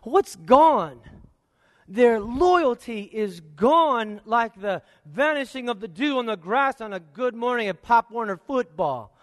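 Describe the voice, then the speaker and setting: A man with a very high voice preaches a sermon, stacking rhetorical questions and shifting between drawn-out phrases and rapid runs. His voice is close and dry on the mic, with a long reverb of a large sanctuary trailing behind it. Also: lively intonation. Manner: preaching with rhetorical questions, varying pace and loudness. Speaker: pastor. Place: church sanctuary.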